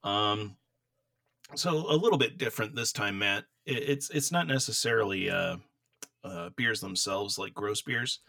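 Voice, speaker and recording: A man's voice: fairly low pitch, measured pace, vocal fry, bright, forceful tone, dry recording. A man co-hosting a casual beer podcast from home, rambling with lots of fillers and laughs, and coughing from dry air. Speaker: podcast co-host. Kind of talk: casual chat about beer. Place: home room.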